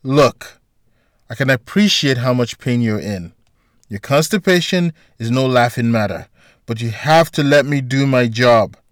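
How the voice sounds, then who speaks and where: A man voicing a woman hospital doctor who speaks in a forceful, clipped, insistent way. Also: mid-range voice, expressive, unhurried, dry recording, clean studio sound, lightly acted. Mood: firm.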